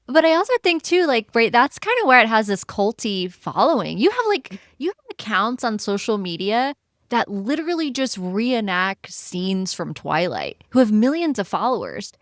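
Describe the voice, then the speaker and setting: A woman's voice: fairly high pitch, big pitch swings, normal speed, no room sound, studio quality. A woman co-hosting a book podcast, chatting animatedly and rambling with lots of filler words. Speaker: podcast co-host. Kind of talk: casual chat.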